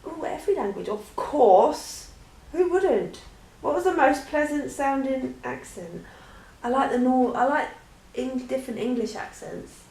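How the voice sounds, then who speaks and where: A chatty woman who rambles through her answers and keeps stopping to restart. Her voice sits a bit high and echoes in a bare room. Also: lively intonation, unhurried, creaky, a little mellow. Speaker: vlogger. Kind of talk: casual Q&A chat.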